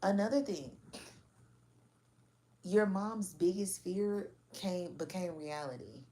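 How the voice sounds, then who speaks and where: A woman's voice: lowish voice, takes it slowly, mellow, slight background noise. A woman giving a casual spoken reading in a blunt, slangy, frank manner. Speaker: tarot reader.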